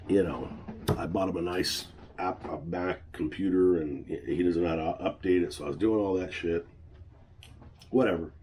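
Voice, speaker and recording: A middle-aged man with a very deep, dark-toned voice talks straight to camera, blunt and full of swearing as he vents. A faint noise sits under the recording. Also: moderate pace. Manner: blunt, heavy swearing, venting. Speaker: channel host. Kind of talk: personal vlog monologue.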